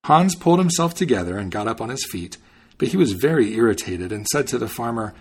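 A man hosting a podcast, reading a fairy tale aloud in an expressive storytelling manner. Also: medium pitch, a little fast, slightly rough. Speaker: podcast host and reader.

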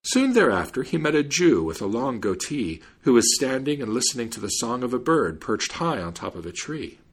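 A man reading a fairy tale aloud in an expressive, animated way. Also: mid-range voice, moderate pace, breathy edge. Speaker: storyteller.

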